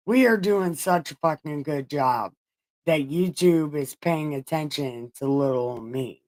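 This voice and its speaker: A woman's voice: low voice, a little slow, a little mellow. A woman hosting a casual livestream Bible reading, swearing and laughing as she chats with her viewers. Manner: crude, swearing, laughing asides, chatting to viewers. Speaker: livestream host.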